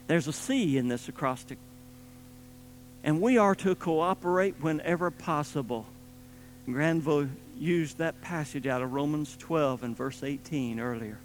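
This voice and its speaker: A man preaching a sermon with emphatic delivery, swinging between loud stressed points and quiet low asides. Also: measured pace, faint music behind, poor audio.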